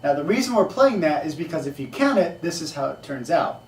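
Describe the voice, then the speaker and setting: A drum teacher with a fairly high, widely swinging voice talks briskly, explaining sticking and counting rhythms aloud in a casual lesson on a drumming exercise. He's far from the mic in a noisy, echoey room.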